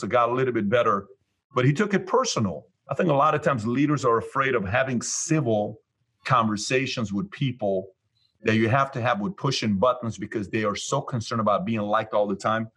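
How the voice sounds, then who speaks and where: A man's voice: mid-range voice, brisk, a bit bright, slightly rough. A man from Iran, a guest in an interview, telling stories and acting out both sides of past conversations. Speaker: guest, business leader. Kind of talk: storytelling in an interview.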